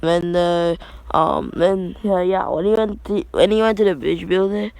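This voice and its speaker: A man's voice: high voice, fairly even intonation, unhurried, gravelly, darkish tone, smooth. A young man casually retelling an anime fan story, rambling with many fillers and restarts.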